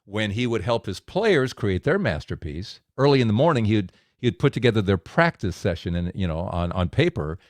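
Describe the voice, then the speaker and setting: A man delivering a men's devotional message as a story, his pitch swinging widely as he acts out the scenes. The sound is dry and close, with no room echo. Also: fairly quick, hardly any pauses. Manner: storytelling, animated with acted quotes.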